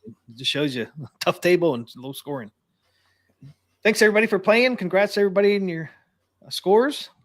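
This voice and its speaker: A man co-hosting a casual chat, animated and laughing often. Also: sits high, moderate pace, long pauses. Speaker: co-host.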